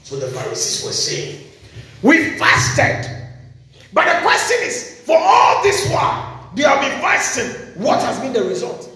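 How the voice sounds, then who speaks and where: A man with a Ghanaian English accent preaching a sermon, emphatic, swinging from loud peaks to quiet asides. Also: very high-pitched, wildly swooping pitch, moderate pace. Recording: echoey hall, far from the mic.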